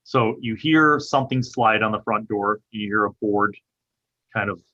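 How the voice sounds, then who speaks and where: A man as game master, narrating a tabletop game in halting description with many fillers. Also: on the low side, bright, forceful tone, lo-fi sound.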